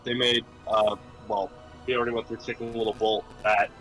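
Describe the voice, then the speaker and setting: Bright-voiced young man rambling casually. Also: fairly low pitch, level tone, brisk, soft background music, low-quality recording. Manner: rambling, hedging with fillers. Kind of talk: casual chat on a live stream.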